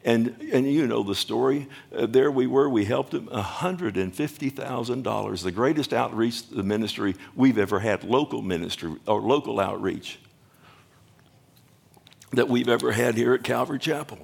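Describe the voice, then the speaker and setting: A man's voice: medium pitch, normal speed, vocal fry, husky. A man, a pastor, preaching a sermon and asking his congregation rhetorical questions.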